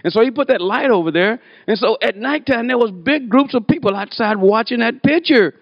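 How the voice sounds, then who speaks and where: A man's voice: extremely high pitch, brisk, creaky, no room sound, highs cut off. A man in his sixties telling personal stories from his life, acting out the people he quotes. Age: 60s. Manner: animated, acts out voices in quotes. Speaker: storyteller. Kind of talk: personal storytelling talk.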